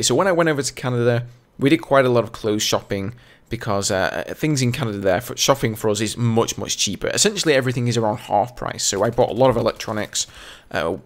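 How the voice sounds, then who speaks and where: A young man from England with an English accent, a gaming channel host telling a casual story in a chatty, rambling way. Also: medium pitch. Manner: chatty and rambling, full of "you know".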